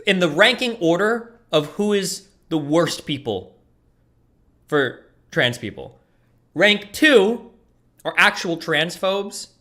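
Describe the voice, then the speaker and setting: A man in his thirties giving a heated, profane reaction commentary, incredulous and quick to raise his voice. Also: high voice, a little hiss or hum. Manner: profane, incredulous, rising to shouting rants. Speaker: streamer reacting to a debate.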